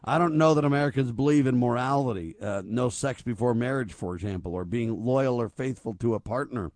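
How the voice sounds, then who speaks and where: A man's voice: medium pitch, brisk, darkish tone, no room sound. A man hosting a talk radio show, speaking emphatically and stacking rhetorical questions. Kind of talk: conservative talk radio commentary.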